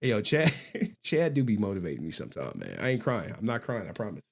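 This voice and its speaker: A man's voice: fairly low pitch, huge pitch swings, fast talker, creaky. A man hosting a live stream in casual commentary, slangy and laughing, with repeated asides.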